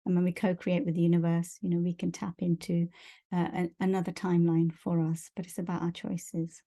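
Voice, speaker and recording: A woman's voice: on the low side, little pitch movement, fairly quick, warm tone. A woman giving a monthly spiritual energy update, talking earnestly and encouragingly in long repetitive lists. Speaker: spiritual teacher.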